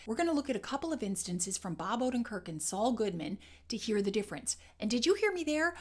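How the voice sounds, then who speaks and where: A woman's voice: medium pitch, lively intonation, brisk, few pauses. A woman teaching an accent lesson, modeling and repeating sounds as she explains. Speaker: dialect coach.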